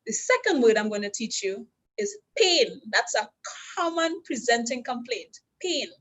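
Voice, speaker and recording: A woman's voice: a little high, very animated, measured pace, fairly bright tone, low-quality recording. A woman with a Trinidadian accent teaching basic sign language step by step at a university orientation, patient and instructional. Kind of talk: teaching a class.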